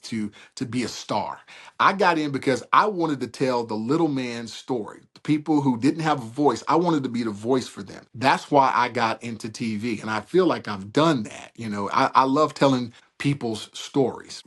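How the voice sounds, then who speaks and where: Animated middle-aged broadcaster. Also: male voice, medium pitch. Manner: animated, preacher-like emphasis with repeated rhetorical questions. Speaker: guest, veteran sports broadcaster. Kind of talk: casual interview storytelling.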